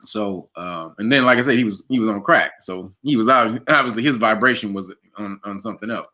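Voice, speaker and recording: Bright-voiced animated male storyteller. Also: fairly low pitch, a little fast. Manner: animated, acts out quotes, laughs often. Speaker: guest. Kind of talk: casual storytelling interview.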